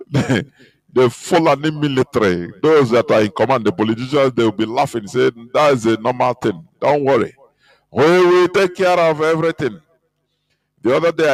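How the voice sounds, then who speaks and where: A man's voice: medium pitch, no room sound, low-quality recording. A man giving an impassioned, scornful radio talk, emphatic and mocking. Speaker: radio broadcaster.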